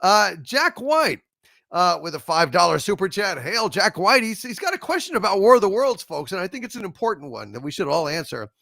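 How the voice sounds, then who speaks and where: Gravelly, animated male show host. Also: high voice, brisk, dry recording, studio quality. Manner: blunt, profane and joking. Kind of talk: casual livestream chat reading super chats.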